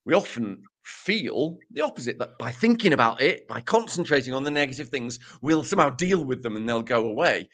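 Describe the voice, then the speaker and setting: A man's voice: mid-range voice, animated, fairly quick, hardly any pauses, fairly bright tone. A man co-hosting a casual podcast, summing up research with wry, self-mocking jokes. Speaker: podcast co-host presenting research.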